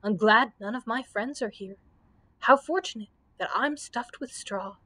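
A woman's voice: a little high, unhurried, bright, forceful tone. A woman voicing a fussy, squeamish male scarecrow of straw in a storybook reading. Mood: appalled. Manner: exclaiming, indignant.

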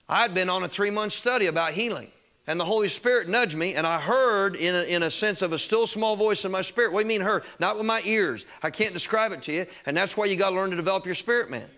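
A man preaching a sermon as pastor, emphatic and conversational, talking straight to the congregation and rising to shouts on key phrases. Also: high-pitched, lively intonation, fairly quick.

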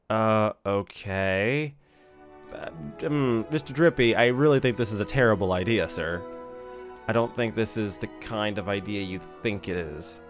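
A man's voice: fairly low pitch, unhurried, soft background music. A man giving casual, rambling and wry commentary while playing a game. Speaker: let's play host.

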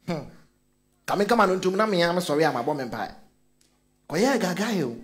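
Animated Ghanaian pastor with a high voice. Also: male voice, brisk, long pauses. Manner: mixes Twi and English, animated storytelling, calls out hallelujah. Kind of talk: sermon.

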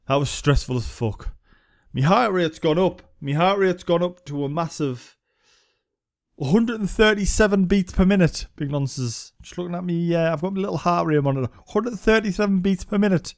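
A young man giving casual, sweary gameplay commentary, thinking aloud as he plays. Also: sits high. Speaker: game reviewer.

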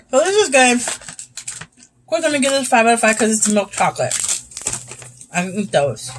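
A woman's voice: fairly high pitch, slight background noise, rough recording. Chatty young woman reviewing snacks. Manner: chatty, tastes and rates snacks while talking with her mouth full. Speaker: YouTube host. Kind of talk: casual snack review vlog.

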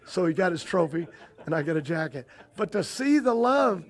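An older man, a drag racing team owner, telling stories in a casual interview, halting and often repeating himself as he restarts. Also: sits high, sing-song.

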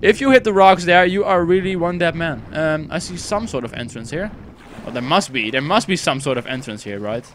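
A young Dutch man narrates a game as he plays, his voice sitting a bit high and jumping all over the place. He swears constantly and rambles through side thoughts, with a faint hiss under the recording. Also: fairly quick. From Netherlands. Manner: excitable, swears a lot, rambling asides. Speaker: gaming YouTuber. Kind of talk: let's play commentary.

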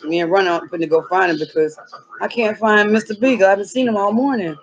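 A woman vlogging outdoors, excitable and dramatic, often shouting, in a dull lo-fi recording. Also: mid-range voice, quick pace. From North Carolina, US. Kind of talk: casual vlog. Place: outdoors in cold weather. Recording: dull lo-fi sound.

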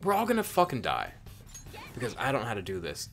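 A man chatting through a video game, rambling off on tangents and swearing freely in a playful, self-mocking way. His pitch swings widely and lively, with faint game music under him. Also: fast talker. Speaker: let's play host. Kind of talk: casual gameplay commentary.

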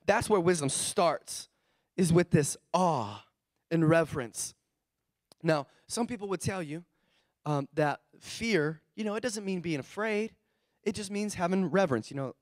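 A man preaching a sermon as pastor, animated and acting out the voices of the people he describes. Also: high voice, unhurried, pauses often, dry recording, clean studio sound. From California. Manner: animated, acts out quoted voices.

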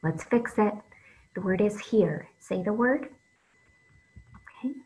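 A woman reading teacher giving an online phonics lesson, slow and patient, drawing out letter sounds with soft whispered asides. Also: medium pitch, animated, slightly rough, rough recording.

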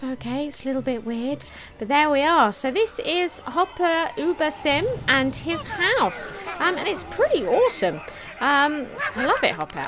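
Excitable female game streamer, high voice that swoops a lot, giggly. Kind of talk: let's play commentary.

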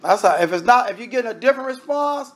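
A man's voice: very high-pitched, expressive, fast. A man preaching a sermon in an emphatic, conversational style, speaking straight to the congregation.

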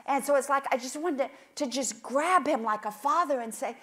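A woman preaching at a conference with passion, dropping to hushed whispers and rising to loud outbursts as she tells stories and acts out prayers. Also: sits high, fairly quick, hardly any pauses. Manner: storytelling with quoted prayers. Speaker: conference speaker. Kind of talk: sermon. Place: conference stage.

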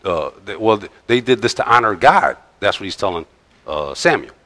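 A male pastor preaching a sermon in a conversational, halting way, with frequent pauses and restarts. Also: lowish voice, very animated, pushed and bright. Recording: long reverb of a large church hall.

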